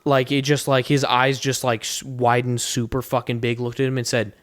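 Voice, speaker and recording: A young man chats on a podcast, rambling through a workplace story and swearing freely. His voice sits at an ordinary pitch, recorded close and dry with no room sound. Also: flat delivery, normal speed, dry recording. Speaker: podcast co-host. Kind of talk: casual storytelling chat.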